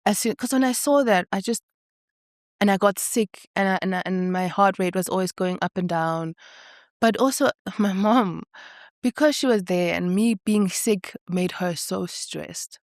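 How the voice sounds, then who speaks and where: A young woman speaking as an interview guest, telling a personal story candidly and earnestly, with quick laughs. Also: medium pitch, a little mellow, no room sound, studio quality. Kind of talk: emotional interview.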